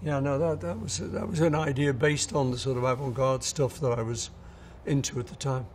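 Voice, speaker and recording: A man's voice: medium pitch, fairly even intonation, moderate pace, darkish tone, faint music behind. An older man, a songwriter, telling anecdotes in an interview and acting out what people said. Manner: anecdotal, acts out quoted people. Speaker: songwriter recalling his songs. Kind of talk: storytelling interview.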